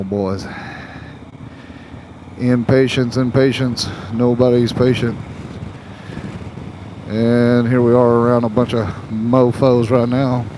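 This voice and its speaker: With a mid-range voice, a motorcycle travel vlogger jokes and chats while riding, straying off topic. Engine, road, and traffic noise fill the recording.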